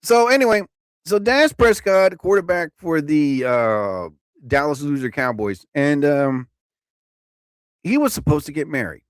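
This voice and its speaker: A man hosting a live comedy stream. He rambles through a story in an animated way and laughs at his own jokes. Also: on the high side, unhurried, dry recording, studio quality.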